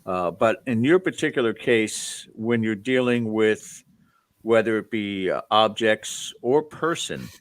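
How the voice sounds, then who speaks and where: A man with a fairly low voice hosts a talk show, welcoming guests and joking with his co-host. His questions wander and pile up before he reaches the point. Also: expressive, a little slow, no room sound. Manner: jokey, rambling questions. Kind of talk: casual show hosting.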